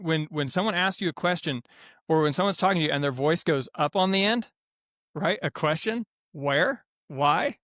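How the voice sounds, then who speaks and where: A man who runs a greenhouse farm, talking in a casual podcast interview, rambling with many restarts and turning animated when he quotes others. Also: a little high, no echo, clean studio sound. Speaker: greenhouse farm owner, guest.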